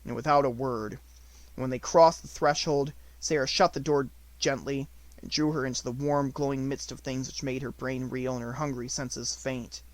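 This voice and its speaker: A man reading an unabridged novel aloud as an audiobook narrator, with expressive storytelling. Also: medium pitch, moderate pace, dry recording.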